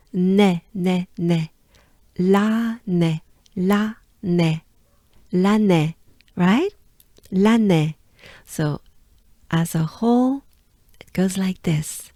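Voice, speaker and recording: A woman's voice: mid-range voice, mellow, dry recording, studio quality. A woman from France with a French accent, teaching pronunciation patiently and drilling each syllable aloud. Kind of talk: slow pronunciation lesson.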